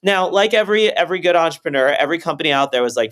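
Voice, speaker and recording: A man's voice: a little high, racing. A man, a startup founder, explaining at length in a casual podcast chat, acting out quotes and swearing freely. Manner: animated storytelling, acts out quotes, swears freely.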